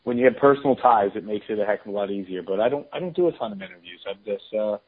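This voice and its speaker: The voice is lowish, slightly rough, and racing: a man who used to fight, telling loose, easygoing stories as a guest caller. He keeps restarting his rambling tales, and the phone audio is tinny.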